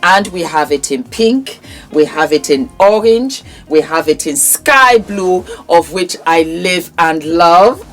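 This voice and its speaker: Woman vlogger, low register, warm sales patter full of endearments, faint background music. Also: expressive, slow. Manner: warm, affectionate, calls viewers darling; emphatic, repetitive sales patter. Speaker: vlogger presenting her own brand. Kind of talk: product showcase to camera.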